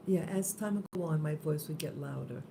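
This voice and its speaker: A woman hosting an early morning spiritual live stream, soft-spoken and drowsy, just woken up, talking into a phone held close in a room with an open window. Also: sits low, a little fast, creaky, background noise.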